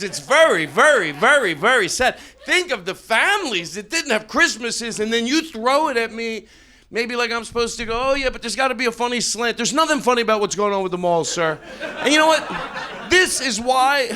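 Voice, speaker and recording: A man's voice: extremely high pitch, bright, forceful tone. A man with a Philadelphia accent doing improvised stand-up on a club stage, rambling in a mock-earnest way and cutting himself off mid-thought. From Philadelphia, USA. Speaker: stand-up comedian.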